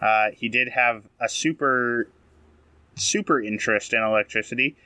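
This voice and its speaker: A man's voice: mid-range voice, moderate pace, sharp tone, no room sound. A man co-hosting a comedy podcast, telling a story in a mock-serious way with many hesitations. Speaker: podcast co-host.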